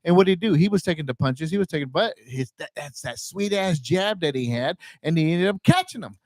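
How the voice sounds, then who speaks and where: A man's voice: fairly high pitch, lively intonation, fairly quick, no room sound, clean studio sound. A man co-hosting a sports podcast, joking around with profane banter. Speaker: podcast co-host. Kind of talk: casual sports chat.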